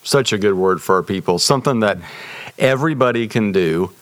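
Low-voiced encouraging podcast host. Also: male voice, lively intonation, brisk. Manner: affirming, encouraging. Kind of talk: podcast hosting.

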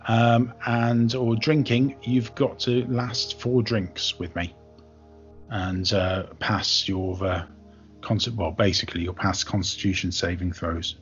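A man's voice: on the low side, steady tone, slow pace, muffled recording, soft background music. A man voicing a smug, dismissive man who sits at a table and guards a password.

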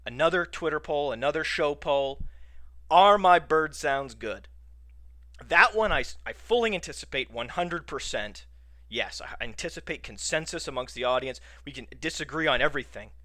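A podcast host, talking on his own in a casual, mock-outraged way. His voice is very bright and sits a little high for a man. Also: lively intonation, a little fast, no room sound. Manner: playfully indignant, mock-outraged. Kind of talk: casual solo podcast talk.

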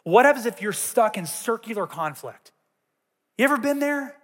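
High-voiced man preaching in a reverberant hall. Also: animated, normal speed, fairly bright tone. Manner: conversational, tells personal stories. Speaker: teacher. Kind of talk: sermon. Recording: long reverb of a large hall.

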